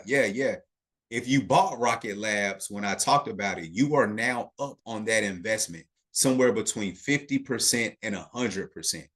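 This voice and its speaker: A man with a fairly low voice runs a live online investing class. He teaches casually and with emphasis, repeats his main points, and keeps turning to the chat with quick "okay" check-ins. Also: a bit bright. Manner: emphatic, talks straight to the chat audience.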